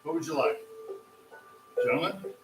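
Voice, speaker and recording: Calm male tai chi instructor, roomy. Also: fairly high pitch. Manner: calm, counting out slow cues. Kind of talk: guided exercise class instruction. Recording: roomy, distant mic with music.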